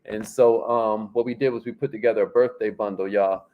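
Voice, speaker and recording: A man's voice: lowish voice, steady tone, brisk, muffled recording. A man hosting a livestream in an upbeat, slangy, casual way, reading out viewer comments and laughing often. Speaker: livestream host.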